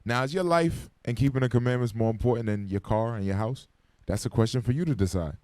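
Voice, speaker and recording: A man's voice: mid-range voice, quick pace, a little mellow, clean tone, dry recording. A man teaching an informal Bible class in a room full of people. He talks to them casually and with urgency, and he keeps asking for their responses. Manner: conversational and urgent, calling for responses. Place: classroom gathering. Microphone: microphone.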